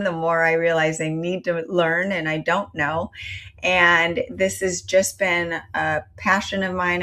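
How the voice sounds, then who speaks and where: A middle-aged woman with a slightly low voice tells her story in an interview. She speaks earnestly and plainly, and she pauses on fillers now and then as she answers. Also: fairly bright tone. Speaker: company founder.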